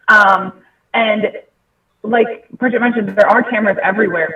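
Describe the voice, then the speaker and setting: A woman's voice: medium pitch, distant mic. A woman who coaches women's sports, speaking earnestly and with passion as a guest. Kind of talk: guest commentary. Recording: tinny phone-like line, echoey.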